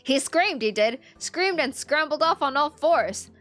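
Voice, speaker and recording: A woman's voice: high voice, expressive, measured pace, fairly bright tone, soft background music, pitched above the performer's own voice. A woman voicing a meek, stammering male street seller in a detective game. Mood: timid. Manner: stammering, self-deprecating.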